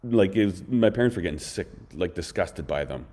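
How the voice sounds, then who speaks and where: Casual male host, low and mellow, rambles through opinionated anecdotes. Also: animated, fairly quick. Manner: rambling, blunt, opinionated, fond of mocking impressions. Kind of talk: casual storytelling chat.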